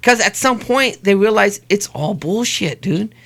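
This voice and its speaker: A man's voice: sits high, unhurried, vocal fry. A middle-aged man co-hosting a podcast, telling stories and ranting in casual chat with lots of swearing. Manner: profane, animated storytelling, rants. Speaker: podcast co-host.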